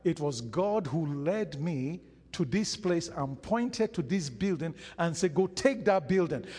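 Slow, husky-voiced preacher in an echoing hall. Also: male voice, a little high, lively intonation, mellow. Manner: emphatic preaching with repeated phrases and acted-out quotes. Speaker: pastor. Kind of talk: sermon. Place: church hall. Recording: hall reverb.

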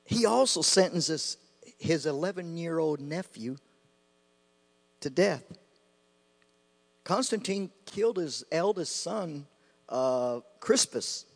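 A man preaching a sermon with passion, repeating phrases and swinging between loud outbursts and quiet asides. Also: fairly high pitch, animated, slow pace, creaky, long pauses. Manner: impassioned, rising and falling sharply, repeating phrases. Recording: long hall reverb with mains hum.

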